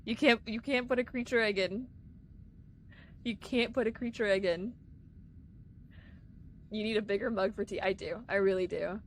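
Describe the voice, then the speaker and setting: A woman's voice: medium pitch, steady tone, moderate pace, pauses often, slight background noise. A woman streamer chatting casually with her viewers while playing a game live, giggling often. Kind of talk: live-streamed gameplay chat.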